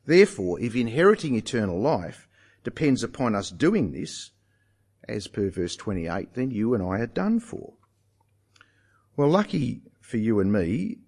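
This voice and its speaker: A man preaching a sermon, emphatic and animated, putting rhetorical questions to his listeners. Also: fairly low pitch, slightly rough.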